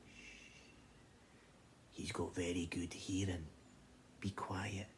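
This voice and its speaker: A Scottish man voicing a fearful, secretive shepherd in a told folk tale, speaking in a hushed whisper. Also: rumbling low, lively intonation, extremely slow, a little hiss or hum, pitched below the performer's own voice, full character voice. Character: wary old male shepherd, fearful and secretive. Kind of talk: oral storytelling.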